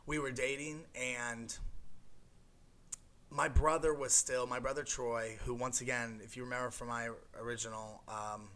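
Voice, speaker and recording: Man, young adult, bright voice, rambling personal testimony, lots of fillers. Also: medium pitch, little pitch movement, measured pace. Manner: rambling, many fillers and restarts. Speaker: guest sharing a recovery story.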